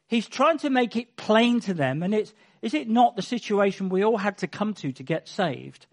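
Male Bible teacher, high-pitched, emphatic conversational preaching with dry humour. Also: animated, moderate pace, few pauses. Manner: emphatic, with wry asides and chuckles. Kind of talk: conversational sermon.

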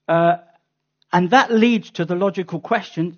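A man's voice: high-pitched, unhurried, lo-fi sound. A man preaching a sermon, reading scripture and explaining it in an earnest teaching manner with sudden emphatic bursts.

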